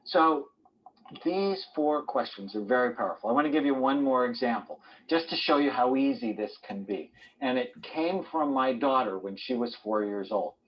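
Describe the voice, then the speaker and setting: A man's voice: mid-range voice, animated, moderate pace, lo-fi sound. A man, a doctor, giving a motivational self-help talk, telling stories and acting out what people said. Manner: storytelling, acting out quotes in varied voices.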